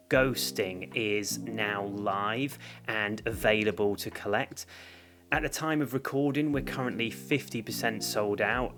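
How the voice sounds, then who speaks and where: A man from London with an English accent hosts an art show in a rambling, self-mocking way full of jokey asides. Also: lowish voice. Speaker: host. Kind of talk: casual scripted intro monologue. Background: guitar music.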